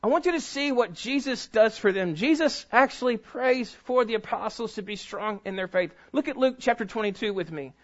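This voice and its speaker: A man preaching a sermon in a church, reading scripture aloud to his congregation with emphatic swings between loud peaks and hushed drops. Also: high voice, lively intonation, normal speed, hardly any pauses. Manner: reads scripture aloud and speaks directly to the congregation. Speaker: pastor. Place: church sanctuary before a congregation. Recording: dull, muffled recording.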